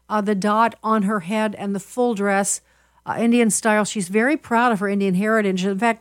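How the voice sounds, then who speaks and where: A woman's voice: medium pitch, dry recording, studio quality. A middle-aged woman hosting a political talk radio show, talking in an emphatic, opinionated way with fillers and restarts.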